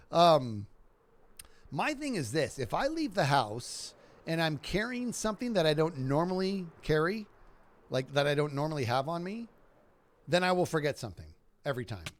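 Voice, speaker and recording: A man's voice: on the high side, very animated, normal speed. A man chatting casually to his viewers while playing a game, rambling to himself with jokey asides. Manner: rambling, self-talking, jokey asides to chat. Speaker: streamer. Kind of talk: casual gameplay livestream chat.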